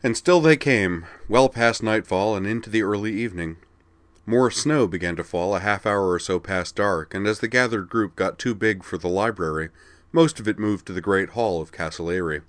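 A man with a low, deep voice narrates a story in a steady, storytelling manner. The recording is close and dry, with no room sound at all. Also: moderate pace, dry recording. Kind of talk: reading a story aloud.

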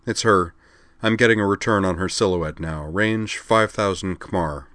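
A man's voice: sits low, normal speed, fairly bright tone, no room sound. A man playing a dry, wary sensor officer. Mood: tense. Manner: dry, clipped reports.

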